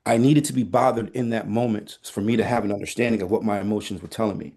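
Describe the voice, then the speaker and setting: A man who works as a teaching artist, talking as a guest in a casual conversation and telling stories in a playful, candid, animated way. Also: on the low side, fast, slightly rough.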